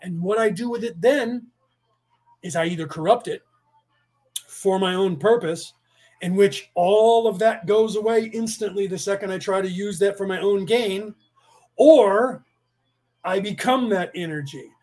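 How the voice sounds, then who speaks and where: A man speaking slowly in a rambling spiritual monologue, full of restarts and chanted incantations. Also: sits high, a little mellow. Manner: slow, deliberate, with many restarts and chanted incantations.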